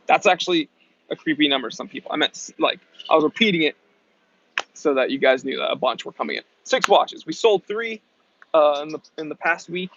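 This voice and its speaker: A man's voice: fairly high pitch, fairly quick, fairly bright tone, lo-fi sound, slight background noise. A young adult man hosting a casual live stream, reading out viewer comments in an upbeat, chatty way. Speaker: host.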